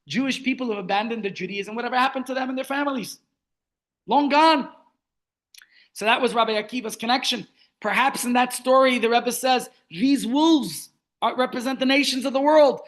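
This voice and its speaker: A man's voice: extremely high pitch, normal speed. A man teaching a Torah class over a video call, telling stories and asking rhetorical questions. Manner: storytelling, rhetorical questions, animated. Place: online meeting.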